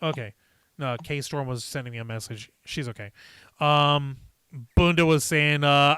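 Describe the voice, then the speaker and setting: A man hosting a live stream, chatting casually and reading viewer comments in a profane, rambling, animated way. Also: a little high, measured pace, clear, resonant tone, no room sound.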